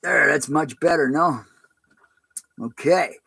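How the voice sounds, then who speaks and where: A man who is a pastor, talking in a casual, rambling and halting way on a livestream. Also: on the high side, vocal fry, pushed and bright, slightly rough.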